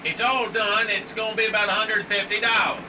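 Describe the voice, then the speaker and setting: A man voicing a blunt, rushed male chief mechanic who calls out from the back of a shop. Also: high-pitched, fairly even intonation, recorded from a distance, close to an everyday voice. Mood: impatient. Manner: blunt, rushed, plain talk without accent. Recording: noisy, off-mic from the back.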